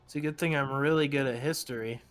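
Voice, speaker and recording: A man's voice: mid-range voice, fairly even intonation, fast, fairly bright tone, soft background music. A man playing in a tabletop game, asking long, curious, rambling questions in casual chat. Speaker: player.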